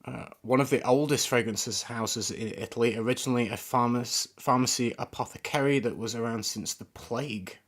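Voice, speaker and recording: A man's voice: medium pitch, moderate pace, few pauses, fairly bright tone. A man giving casual, rambling first impressions of fragrances on a live stream, often searching for words. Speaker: fragrance reviewer.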